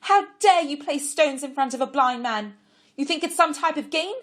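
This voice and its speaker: A woman voicing a kind but sharp-tongued young woman who scolds fiercely and keeps herself guarded. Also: medium pitch, lively intonation, moderate pace, voice pushed up, lightly acted. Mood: furious.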